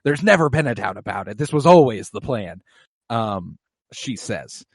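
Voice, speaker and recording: A man on a podcast recaps a TV episode in loose, casual chat. He swears often and throws himself into playing out the characters' lines. His voice is mid-pitched and sits close and dry to the mic. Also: lively intonation, moderate pace, no echo. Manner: swearing, acts out lines from scenes. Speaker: podcast co-host.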